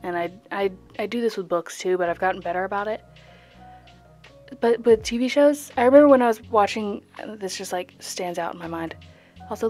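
A woman's voice: fairly high pitch, darkish tone. A young woman rambling casually to the viewer while she paints, chatty and second-guessing herself. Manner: rambling, chatty, self-questioning. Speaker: art vlogger.

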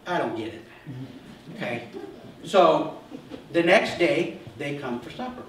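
A man's voice: on the high side, lively intonation, unhurried, far from the mic, slight background noise. Man preaching in an echoey hall. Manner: casual, humorous asides, acts out the story. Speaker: pastor. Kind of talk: sermon storytelling. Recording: echoey church hall, mic from afar.

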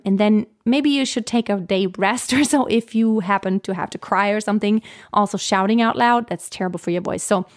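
A woman's voice: mid-range voice, darkish tone. A woman vocal coach giving a casual teaching talk, chatty and laughing often as she restarts her sentences.

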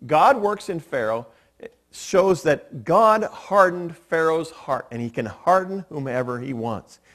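A man's voice: on the high side, expressive, a little slow, fairly bright tone. A male pastor preaching a sermon in a church, explaining steadily with occasional dry self-deprecating humor. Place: church sanctuary.

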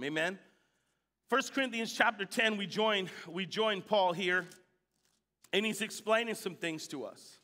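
Man pastor, high bright voice, animated sermon, church hall echo. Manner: animated storytelling, shouting at peaks. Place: church sanctuary.

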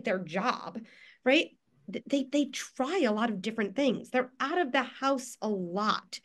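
Earnest woman psychologist giving parenting advice. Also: mid-range voice. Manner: earnest, reassuring, many restarts and "like". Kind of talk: conversational advice on a video call. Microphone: video call.

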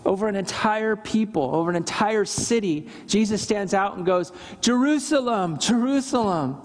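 Pastor, male, high voice, earnest sermon, lively scripture quotes, reverberant church hall. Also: moderate pace. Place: church service.

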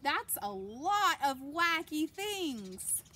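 Very high-voiced, animated woman reading to kids. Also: very slow. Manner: animated, gasping, exclaiming, asking the listener questions. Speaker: children's story reader. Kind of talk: reading a picture book aloud to children.

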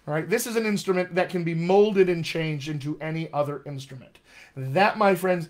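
This dialect coach, a man with a voice on the high side, leads a live class from a home room and keeps it chatty and animated, speaking right to the people watching.

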